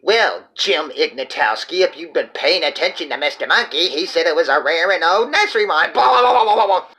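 A man plays an excitable stuffed-animal puppet co-host in a comedy sketch, his voice high and bright. The pitch swoops all over, and he mocks the others in a bouncy way. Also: brisk. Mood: mocking. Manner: bouncy, mocking, confused.

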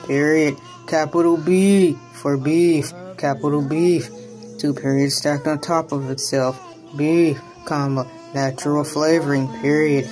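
A woman with a low voice reads an ingredient list slowly and deadpan, speaking every comma and period. Music plays steadily behind her. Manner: deadpan, reads punctuation aloud. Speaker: vlogger. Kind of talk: comic reading of a label.

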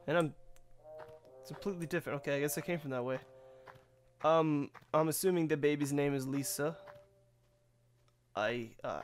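A man giving casual, profane, rambling commentary while playing a video game for the first time, laughing often. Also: a little high. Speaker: let's play gamer.

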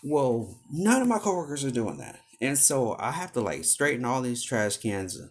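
Exasperated young man ranting, lively pitch. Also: normal speed, breathy edge. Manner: exasperated, rambling, heavy use of filler words. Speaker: vlogger. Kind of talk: casual storytime rant.

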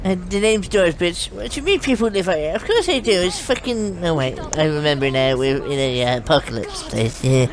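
A woman giving brash, profane comedic commentary while playing a game, yelling insults at enemies. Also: lowish voice, lively intonation, fairly quick, hardly any pauses, a crowd in the background. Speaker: gameplay commentator. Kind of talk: comedic let's-play commentary. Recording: game sounds loud behind the voice.

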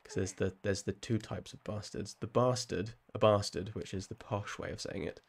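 A man's voice: deep voice, fairly even intonation, brisk, creaky, darkish tone. A man with a southern English accent, chatting casually with viewers while playing a game on a live stream, rambling and laughing often. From southern England.

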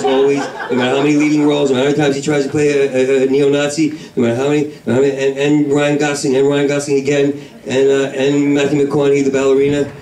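A man doing a stand-up comedy set in a club, talking in a manic, rambling, profane way that breaks into shouted voices. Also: medium pitch. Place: comedy club main room. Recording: echoey club recording from far off with crowd. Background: audience laughter.

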